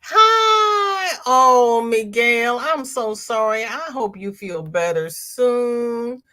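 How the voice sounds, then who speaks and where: A middle-aged woman hosting a casual crochet livestream, reading viewer comments aloud and chatting warmly with her audience, calling them "girl" and "honey" amid frequent ums and restarts. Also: on the high side, takes it slowly.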